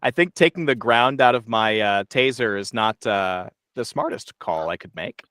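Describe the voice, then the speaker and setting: A man's voice: on the low side, animated, moderate pace, fairly bright tone, no room sound, studio quality. A man playing a tabletop game, speaking in a wry, self-deprecating way about his character's bad luck. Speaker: player.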